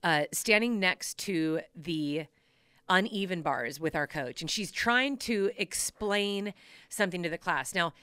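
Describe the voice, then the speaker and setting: Female podcast host, casual animated storyteller; smooth crisp tone, dry close sound. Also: on the low side, a little slow, dry recording. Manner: animated, laughs often while telling stories.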